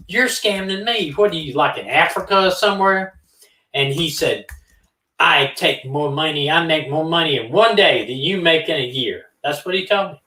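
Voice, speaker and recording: Animated man telling phone stories. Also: fairly high pitch, normal speed, distant mic. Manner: animated, acts out both sides of phone calls. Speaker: co-host of a true-crime live stream. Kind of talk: casual storytelling. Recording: roomy, from off the mic.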